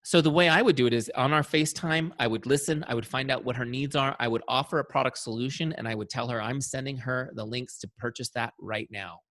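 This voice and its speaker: A man teaching an online sales training, coaching energetically and walking through software on screen. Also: mid-range voice, fast talker, hardly any pauses, no echo, studio quality.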